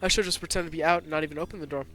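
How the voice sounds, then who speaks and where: A man narrating a story at a rapid clip, his voice slightly high. He reads tense first-person scenes as a streamer, breaking off now and then for asides. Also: steady tone, fairly bright tone, soft background music. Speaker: streamer reading a visual novel aloud.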